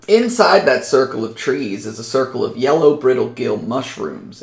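A man narrating a tabletop game as game master in a relaxed, descriptive way with many fillers. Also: mid-range voice, reverberant.

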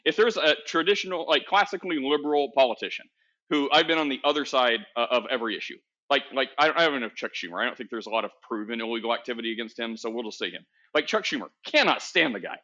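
A man's voice: mid-range voice, fast, bright, forceful tone. A man hosting a podcast in casual chat, rambling with many restarts and laughing at himself. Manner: rambling, self-correcting, laughs often. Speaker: podcast host. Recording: dull lo-fi sound.

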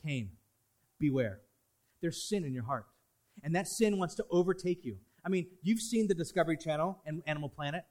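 A man preaching a sermon to his congregation, swinging between loud, pressing emphasis and quiet, hushed asides. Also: fairly high pitch, expressive, brisk. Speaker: pastor.

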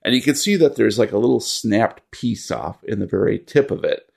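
A man narrating a tabletop game as game master, in a measured, descriptive storytelling manner. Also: on the low side, gravelly, a little mellow, slightly rough.

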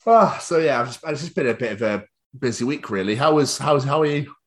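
A tired man co-hosting a podcast in casual chat, animated and laughing often. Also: mid-range voice, quick pace. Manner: animated, laughs often, does jokey impressions. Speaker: podcast co-host.

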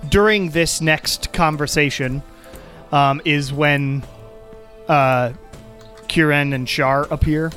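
Guy running a tabletop game, lots of ums, kinda high voice. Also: takes it slowly, pauses often, fairly bright tone, soft background music. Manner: hesitant, full of ums and restarts. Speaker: game master.

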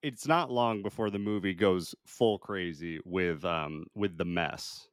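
A man's voice: deep voice, unhurried, clean tone, no echo, studio quality. A man co-hosting a casual movie podcast, laughing often and restarting his sentences as he recounts the plot. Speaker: podcast co-host.

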